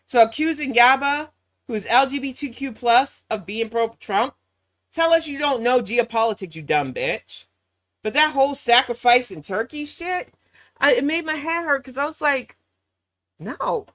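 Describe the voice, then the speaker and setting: A woman's voice: high-pitched, lively intonation, normal speed, fairly bright tone, dry recording, studio quality. An American woman hosting a reaction commentary, blunt and sarcastic, swearing freely. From United States. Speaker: commentary channel host.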